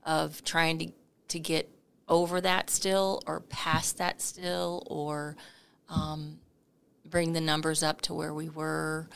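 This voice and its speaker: A middle-aged woman telling a story as an interview guest, animated and laughing, with many fillers. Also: deep voice, takes it slowly, vocal fry, clear, resonant tone. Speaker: coffee company founder, interview guest.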